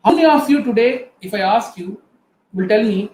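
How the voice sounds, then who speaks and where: High-voiced Indian man, echoey room. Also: animated, moderate pace, a crowd in the background. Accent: Indian English. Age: middle-aged. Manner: earnest storytelling, addresses the audience directly. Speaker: guest speaker. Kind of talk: motivational talk. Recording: echoey room with faint ambience.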